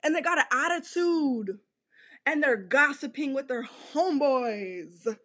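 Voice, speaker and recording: A woman with a high voice hosts a podcast in a loose, ranting manner. She talks bluntly, swears freely and hammers the same points over and over. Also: animated, unhurried, fairly bright tone. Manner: blunt, profane and repetitive. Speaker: podcast host. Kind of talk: casual podcast rant.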